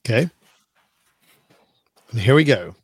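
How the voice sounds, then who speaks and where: A man's voice: mid-range voice, lively intonation, slow, slightly rough, no echo. Rambling male co-host, dry sound. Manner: rambling, many restarts, laughs easily. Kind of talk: casual tech chat.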